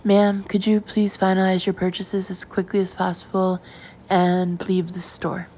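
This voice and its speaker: A woman's voice: mid-range voice, completely flat delivery, measured pace, warm tone, lo-fi sound, a little hiss or hum, lightly acted. Furious, stern woman store manageress, read by a woman.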